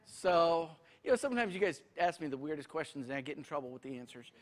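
Pastor guy, kinda high voice, jokey storytelling at a church q&a. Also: expressive, fast talker. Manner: folksy, joking storyteller. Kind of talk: church Q&A teaching.

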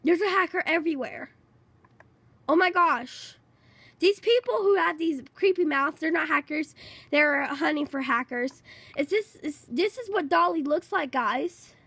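A woman giving casual gameplay commentary, excitable and rambling, repeating herself a lot. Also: high voice, unhurried, no echo. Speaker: gaming channel host.

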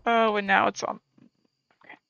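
A woman's voice: medium pitch, level tone, moderate pace, creaky, fairly bright tone, clean tone, no room sound. A woman streaming a game, chatting casually and muttering to herself, sometimes dropping to a whisper. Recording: slightly muffled lo-fi stream audio. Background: faint game music.

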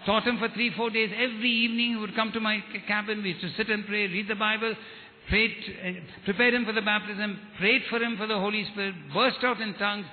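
High-voiced man preaching in a hall. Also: level tone, a little fast. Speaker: evangelist. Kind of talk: testimony sermon. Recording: tinny phone-like sound with hall reverb.

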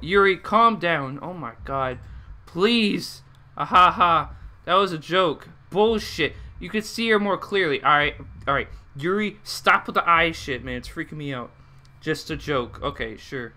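A man's voice: a little high, expressive, unhurried, sharp tone. A young man doing let's play commentary and reading game dialogue aloud, jumpy and dramatic, swearing and breaking into sudden outbursts. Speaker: gameplay commentator.

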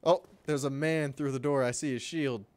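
A young man streaming a game, chatting with viewers in a relaxed, joking way and breaking into loud yelps and laughs. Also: mid-range voice, normal speed. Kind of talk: gameplay commentary.

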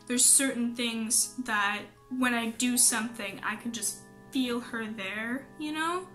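A young woman talking casually to camera from her home office, halting with many ums and holding back tears as she speaks. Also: on the high side, bright, forceful tone, faint music behind. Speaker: vlogger.

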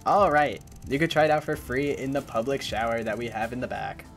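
A man's voice: medium pitch, fairly quick, soft background music, natural voice. A man voicing a ditzy, bored young woman working a shop counter, with a valley-girl drawl full of "like". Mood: airheaded. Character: ditzy bored young female store clerk.

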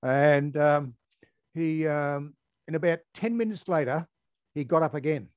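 An older Australian man, a former air force firefighter, telling a story in an interview, halting with many ums and restarts. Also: a little high, no echo, highs cut off.

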